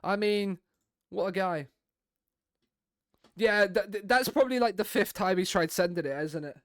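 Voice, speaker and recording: A young man talks through his game to viewers in a loose, rambling stream chat. His voice sits high and sounds smooth and clear. The sound is dry and close, with no room in it. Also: moderate pace, dry recording. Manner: rambling, chatty, talks to viewers while playing.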